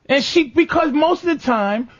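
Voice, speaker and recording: A man hosting a comedy podcast, telling stories in a profane, animated rant. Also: very high-pitched, takes it slowly, dry recording. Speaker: podcast host. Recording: dull lo-fi dry sound.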